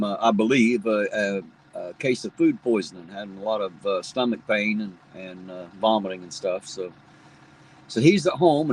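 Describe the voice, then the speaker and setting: A middle-aged man with a slight Southern drawl from the Ohio Valley chats casually with his live-stream audience. His voice is husky and a little rough. He rambles along in a folksy, plainspoken way. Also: fairly low pitch, poor audio. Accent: Appalachian Ohio Valley, slight Southern drawl. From tri-state area where Ohio, Kentucky and West Virginia meet. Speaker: livestream host. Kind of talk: casual live-stream chat, reading viewer comments.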